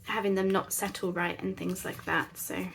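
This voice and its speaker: A woman's voice: on the low side, level tone, moderate pace, gravelly, fairly bright tone, a little hiss or hum. A woman hosting a casual craft tutorial, chatting in a rambling, self-deprecating way at her craft table at home. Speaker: crafting channel host.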